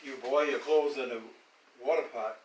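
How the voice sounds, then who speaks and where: A man's voice: medium pitch, steady tone, moderate pace, a little hiss or hum. Older Southern man telling a story, far off. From American South. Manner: rambling, repeats words, laughs often while telling. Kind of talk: casual storytelling. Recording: echoey room, distant mic, loud music behind.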